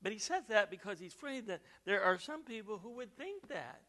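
Pastor, male, high bright voice, emphatic preaching with big swings in loudness. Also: sing-song, a little fast. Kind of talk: sermon.

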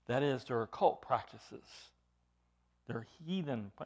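A man's voice: mid-range voice, animated, takes it slowly, darkish tone. Guy preaching a sermon, emphatic, keeps restarting phrases, voice swoops up and down a lot. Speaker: pastor. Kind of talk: expository sermon.

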